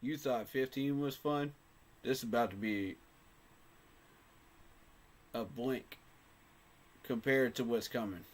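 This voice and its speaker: A man's voice: medium pitch, takes it slowly, long pauses. Passionate, emphatic male sports fan. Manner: passionate, emphatic, repeats phrases for effect. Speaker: sports fan channel host. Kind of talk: casual fan commentary to camera.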